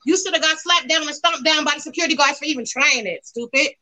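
A woman's voice: sits high, fast, sharp tone, rough recording. A woman with calling in to a gossip show, ranting about celebrities in a brash, crude, insulting way. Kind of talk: profane celebrity gossip rant.

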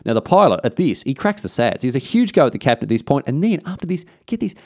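A man's voice: mid-range voice, very animated, no room sound, clean studio sound. A man with an Australian accent telling a history story in a casual, irreverent, slangy way. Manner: irreverent and slangy, quick to joke.

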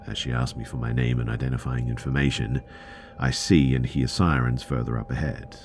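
A man narrating a tense first-person story in a measured storytelling voice. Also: rumbling low, flat delivery, a little mellow, slight background noise.

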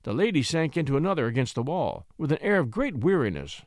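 A man narrating a classic short story in an expressive, scripted reading voice. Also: fairly high pitch, fast talker, dry recording, studio quality. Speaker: audiobook narrator.

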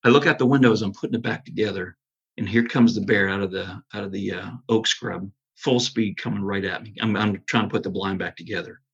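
A man's voice: fairly low pitch, steady tone, fairly quick, creaky, husky, dull audio. A man who is a bow hunter and podcast guest, telling an earnest hunting story in casual conversation, with many restarts.

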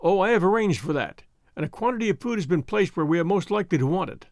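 Jailer: scheming, quiet-spoken, storybook reading by a male narrator, close dry mic. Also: sits high, animated, no room sound. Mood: guarded. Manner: quiet and measured.

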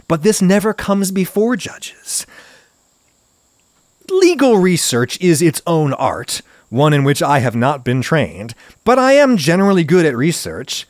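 A man giving an opinionated explanatory commentary on a video, talking in an animated way that climbs into emphatic outbursts. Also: fairly high pitch, no room sound. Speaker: video essayist.

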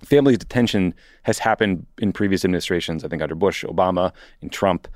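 Low-voiced guy co-hosting a politics podcast, talks fast, dry sound. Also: darkish tone, no echo. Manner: reads news items then comments. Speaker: podcast co-host. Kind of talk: casual political chat.

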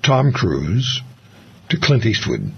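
Gravelly, lively male radio host. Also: on the low side, slow pace. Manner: animated storyteller, gravelly. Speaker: radio talk show host. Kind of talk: casual radio chat. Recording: muffled radio broadcast.

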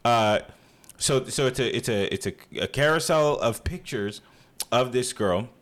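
Lively, bright-voiced young man chatting. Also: medium pitch, unhurried. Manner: animated, laughing, rambling with restarts. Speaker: podcast co-host. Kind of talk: casual chat.

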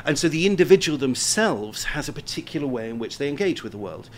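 A man's voice: very animated, quick pace. A man answering interview questions in earnest, often restarting and repeating words as he explains. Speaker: guest expert on influence and military operations. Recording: faint background rumble.

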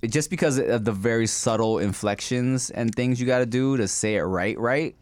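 A relaxed man chatting casually, his speech loose and full of slang, now and then jumping up high with excitement or laughter. His voice sits at a middling pitch. The sound is dry and close, with no room around it. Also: moderate pace, no echo. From Thai family. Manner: laid-back, slangy, laughs often and breaks into excited bursts. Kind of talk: casual chat.

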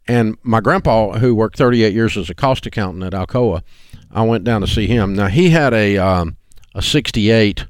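A middle-aged man, hosting a money talk show and telling a folksy story in a lively voice. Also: lowish voice, normal speed, hardly any pauses, clear, resonant tone, no echo. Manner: folksy storyteller who puts on voices for quoted people. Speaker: radio show host.

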